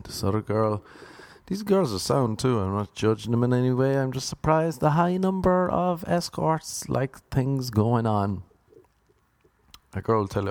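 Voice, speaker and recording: A man's voice: mid-range voice, measured pace, vocal fry, no echo. Wry man rambling on his podcast. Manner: wry, rambling storyteller with deadpan asides. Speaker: podcast host. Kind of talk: casual comedic monologue.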